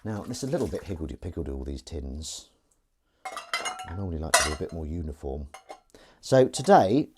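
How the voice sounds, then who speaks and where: A live streamer chats casually while washing dishes at his kitchen sink, rambling along and poking fun at himself. His voice is lowish with a darkish tone, and there's a faint hiss or hum on the recording.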